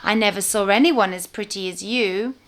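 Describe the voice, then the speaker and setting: A woman's voice: mid-range voice, normal speed, natural voice. A woman reading a storybook aloud, voicing a fussy, talkative male toy rabbit who drives the car. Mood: flattering. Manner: fussy, sociable and flattering.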